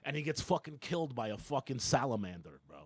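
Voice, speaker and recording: Brash, animated comedian with a lively voice. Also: male voice, medium pitch, quick pace, slightly rough, no room sound, clean studio sound. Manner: brash, profane, animated riffing. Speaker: comedian podcast co-host. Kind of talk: casual comedic banter.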